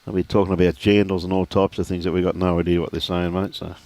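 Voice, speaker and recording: A man's voice: deep voice, level tone, fast talker, gravelly, a little mellow, no room sound. A man giving live lawn bowls commentary, chatty and joking, often calling people "mate".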